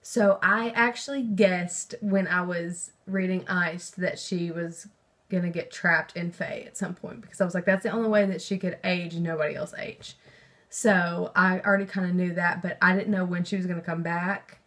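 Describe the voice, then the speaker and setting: Excitable, rambling young woman book vlogger. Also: lowish voice, normal speed. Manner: rambling and excitable, with lots of fillers and swearing. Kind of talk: casual book review chat.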